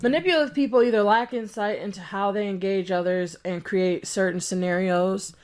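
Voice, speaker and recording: A woman's voice: medium pitch, steady tone, brisk, a little mellow. A woman giving indignant, sarcastic reaction commentary, swinging between mocking and scolding. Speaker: commentary YouTuber.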